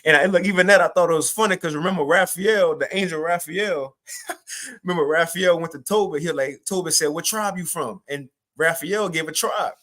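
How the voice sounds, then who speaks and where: A young man giving a livestreamed spiritual testimony, telling the story in an animated, repetitive way with casual slang. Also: fairly high pitch, moderate pace. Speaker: spiritual teacher sharing a testimony.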